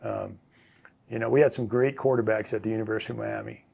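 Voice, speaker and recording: A man, a former quarterback, telling stories as an interview guest in a relaxed, rambling way with many fillers and restarts. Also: lowish voice, fast, creaky, slightly rough. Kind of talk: casual storytelling.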